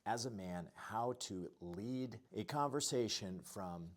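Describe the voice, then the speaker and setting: A man's voice: lowish voice, slow pace. A man who works as a relationship coach, teaching men in an earnest, direct talk to the camera while writing on a board.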